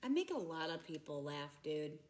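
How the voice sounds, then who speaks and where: A giggly woman in her thirties chats casually with viewers on a livestream from home. Her voice is lively and swoops up and down. She talks in a loose, chatty way. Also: sits low, normal speed. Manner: giggly, chatty, breaks into loud laughter. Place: home, indoors.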